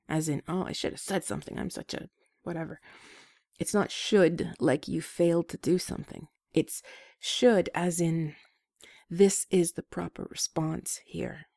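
A woman hosting an advice show, talking gently and self-deprecatingly, with small laughs between points. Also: lowish voice, gravelly, dry recording, studio quality. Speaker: advice podcast host. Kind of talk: scripted advice talk.

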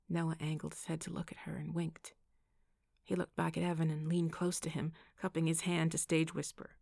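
A woman narrating a romance audiobook in an expressive storytelling manner. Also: sits low, moderate pace, vocal fry, no room sound, studio quality. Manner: expressive storytelling, also voicing the heroine Kate. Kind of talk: scripted narration.

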